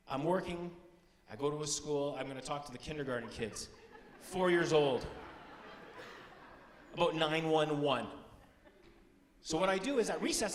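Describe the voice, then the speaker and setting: Animated middle-aged Canadian stand-up comedian. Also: male voice, moderate pace, pauses often. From Timmins, Ontario, Canada. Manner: animated, swings into high shouted character bits. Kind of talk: stand-up storytelling. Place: stage in a large hall. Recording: roomy hall with long reverb.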